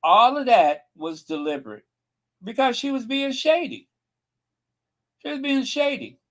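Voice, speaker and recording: A man's voice: very high-pitched, big pitch swings, unhurried, fairly bright tone, rough recording. A man hosting his channel in casual gossip commentary, sassy and mocking. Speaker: channel host.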